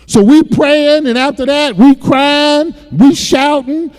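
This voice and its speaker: A man's voice: very high-pitched, slow pace, big-room sound. A man preaching, telling his own story with emotion and repeated words. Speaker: pastor. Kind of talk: sermon testimony. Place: church sanctuary.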